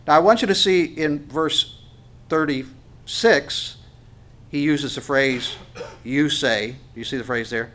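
A man preaching a sermon, reading scripture aloud with rising force and dropping low for asides to the congregation. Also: fairly bright tone. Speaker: pastor.

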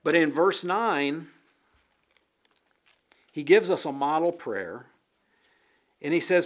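A man preaching a sermon, reading scripture and explaining it in a deliberate, unhurried way with occasional fillers. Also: on the high side. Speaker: pastor.

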